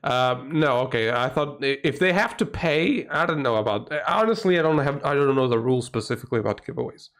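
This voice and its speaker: A man's voice: medium pitch, animated, a little fast, few pauses, fairly bright tone. Swearing, rambling Portuguese-accented man. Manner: rambling, profane, exclamatory. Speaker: livestream host. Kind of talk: casual livestream chat.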